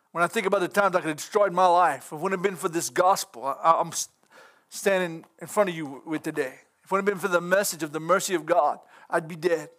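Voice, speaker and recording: A middle-aged man preaching a fervent sermon, folksy in grammar and rising at times to shouts. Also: high voice.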